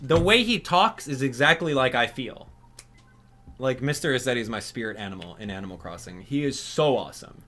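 Animated young man playing games. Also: medium pitch, brisk. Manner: excitable, jokey, animated. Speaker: gaming YouTuber. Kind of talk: casual gameplay commentary.

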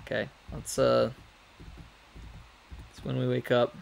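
A man's voice: medium pitch, completely flat delivery, takes it slowly, gravelly. A man giving casual, chatty commentary on his own gameplay, talking to the game characters and laughing often. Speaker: let's play gamer.

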